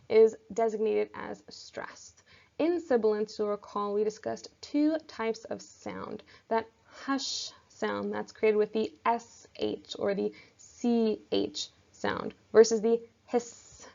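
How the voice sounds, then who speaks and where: A woman teacher walks through a recorded lesson, patient and step by step. Her voice carries a gravelly, creaky texture at an ordinary middle pitch. The recording sounds a little dull and lo-fi. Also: darkish tone.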